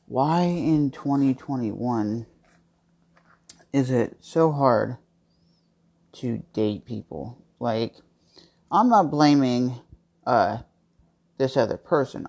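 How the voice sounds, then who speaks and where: Man, podcast host, casual monologue, candid, rambling storytelling, home kitchen, mid-pitched voice. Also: a little mellow.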